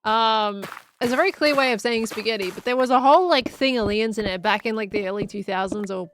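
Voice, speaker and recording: A woman's voice: on the high side, fast talker, fairly bright tone, a little hiss or hum. A young woman chatting casually while streaming a game, musing aloud and laughing often. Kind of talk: casual live-stream chat while gaming.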